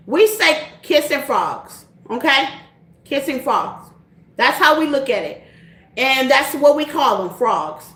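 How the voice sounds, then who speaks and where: This middle-aged tarot reader hosts a casual chat for her channel's viewers, using a high, bright, forceful voice. Her style is direct and folksy, with frequent laughter and repeated points, and the recording has a roomy sound.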